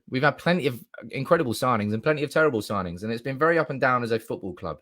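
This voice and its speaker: Rattling through chat comments with few pauses, a young live stream host talks rapid-fire in a medium-pitched voice. He's animated and swears freely throughout.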